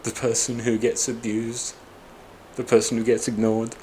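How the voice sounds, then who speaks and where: A man's voice: mid-range voice, completely flat delivery, moderate pace, warm tone, a little hiss or hum. A man in his forties, upset and exhausted, venting in a bitter, raw personal monologue full of swearing. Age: 40s. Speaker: vlogger.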